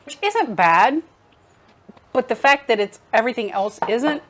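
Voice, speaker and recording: A woman's voice: fairly high pitch, animated, unhurried, noisy background. Chatty woman vlogger at her kitchen table. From United States. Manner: chatty, laughing often, talking with mouth full. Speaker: vlog co-host cooking for a friend. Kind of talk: casual chat over a meal. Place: home kitchen.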